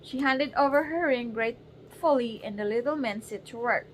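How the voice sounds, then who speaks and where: A woman reading a bedtime story aloud to her baby at home in a casual, slightly distracted way, pausing to coax the baby. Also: a little high, a little hiss or hum, rough recording.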